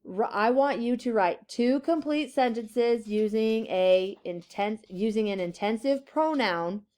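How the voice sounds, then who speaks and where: A woman teacher giving a classroom grammar lesson, slowly stressing key words and reading example sentences aloud. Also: on the high side, dark tone.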